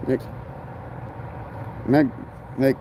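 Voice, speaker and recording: A man's voice: extremely slow, dark tone, a little hiss or hum. A man talking in a rambling, casual monologue full of slang and fillers about life on the road. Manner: meandering, filler-heavy, laid-back slang.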